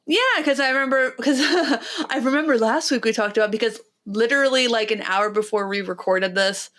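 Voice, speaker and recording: A woman's voice: a little high, normal speed, fairly bright tone. A woman with a nasal voice co-hosting a podcast in casual, chatty, self-deprecating talk. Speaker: podcast co-host.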